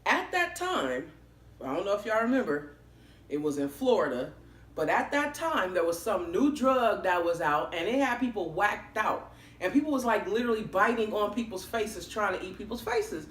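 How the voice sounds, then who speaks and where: A woman vlogger tells a story casually, with a lively, swooping pitch and frank, salty language. Her voice bounces around an echoey room at home. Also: moderate pace. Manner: animated, expressive, swears freely.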